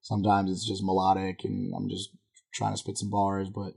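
A man's voice: low-pitched, monotone, moderate pace, vocal fry, a little mellow. A young man from the Bay Area talking in a loose, laid-back, slangy way in a casual podcast chat. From Bay Area, California.

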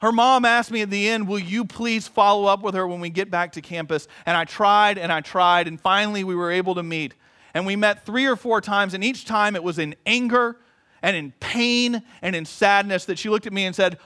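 A man preaching a sermon as pastor, telling a story in an earnest manner with long measured pauses. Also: high voice, bright, forceful tone, smooth.

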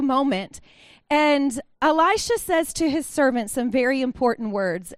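A woman's voice: high voice, lively intonation, moderate pace, dry recording, studio quality. A woman giving a sermon in a chatty, conversational way, acting out the quotes. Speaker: pastor.

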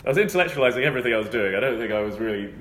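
A young Englishman rattles off a rambling story at a fast clip, laughing often and putting on mock voices along the way. His voice is mid-pitched. The room is echoey, with a faint hiss behind him. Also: animated, fairly bright tone. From England. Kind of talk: casual storytelling chat.

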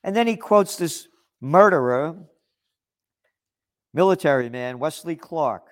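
A man with a somewhat high, very lively voice that rises and falls sharply as he argues. He reads passages aloud and then tears into them, sounding sarcastic and indignant. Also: takes it slowly, pauses often. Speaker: political commentator. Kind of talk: opinion monologue reading and rebutting articles.

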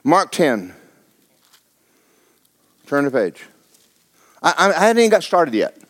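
A man, preaching a folksy, joking sermon that often jumps high in pitch for emphasis. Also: big pitch swings, slow pace, fairly bright tone. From Florida. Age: 70s. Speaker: pastor.

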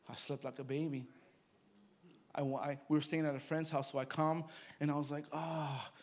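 A middle-aged man preaching a sermon, telling stories and swinging from hushed asides to loud, emphatic bursts. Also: mid-range voice, flat delivery, moderate pace, long pauses.

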